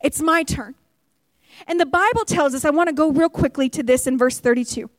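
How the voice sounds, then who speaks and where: A woman's voice: sits high, quick pace, no room sound. A woman pastor preaching a sermon, telling a story with humor and acting out quotes.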